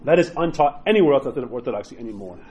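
A man's voice: mid-range voice, rapid-fire, breathy edge. A man teaching as a priest in a casual, joking way, often acting out what people say. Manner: animated, joking, acts out quoted voices. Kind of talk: conversational teaching talk. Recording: dull lo-fi recording.

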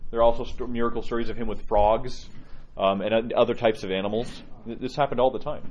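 A male priest telling stories to his congregation in an informal sermon, lively and often restarting his sentences. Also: mid-range voice, quick pace, dull audio, slight background noise. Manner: lively storyteller with frequent restarts. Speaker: Orthodox priest.

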